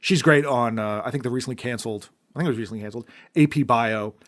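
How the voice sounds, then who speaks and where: A man co-hosting a podcast, talking through a film in an easygoing way. His voice is mid-pitched and ordinary, and he rambles along, letting many phrases sink into quieter asides. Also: fast talker. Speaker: podcast co-host. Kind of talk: casual film discussion.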